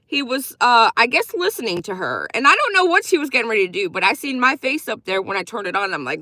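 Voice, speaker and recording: A woman's voice: on the high side, big pitch swings, fast, few pauses, no echo. A woman giving blunt, profane, opinionated commentary on a livestream, thanking viewers as she goes. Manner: reacts warmly to viewer gifts.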